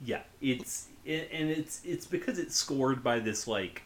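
A man's voice: medium pitch, animated, measured pace. Wry man chiming in with jokes. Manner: wry interjections, laughs often. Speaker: podcast co-host. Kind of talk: casual chat.

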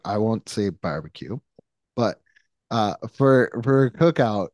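A man's voice: medium pitch, animated, measured pace, darkish tone, no echo, studio quality. A man from New York co-hosting a podcast, rambling through stories, acting out quotes and laughing often. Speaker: podcast co-host. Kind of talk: casual chat.

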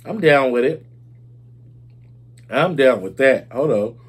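A celebrity gossip host runs a casual segment, talking to listeners like close friends and dropping "y'all" and "baby" here and there. His middle-pitched voice is expressive and slow-paced, loose and informal, with a breathy edge.

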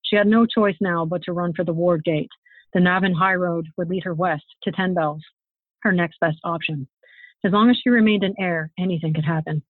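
A woman author reading her own fantasy novel aloud in a steady, expressive storytelling manner. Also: on the low side, moderate pace, no room sound. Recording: tinny phone-like, dry sound.

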